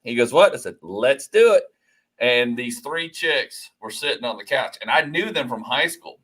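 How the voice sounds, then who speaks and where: A man in his forties from Georgia telling a long animated story, swearing freely, on a casual podcast. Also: normal speed, slightly rough. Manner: animated, swearing, rising pitch as story builds. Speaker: podcast co-host.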